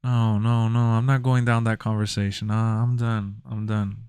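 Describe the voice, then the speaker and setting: Young man streamer rambling on, smooth clear voice, dry close sound. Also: fairly low pitch, level tone, moderate pace, darkish tone, no room sound. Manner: rambling, repeats himself, laughs a lot. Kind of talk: casual chat.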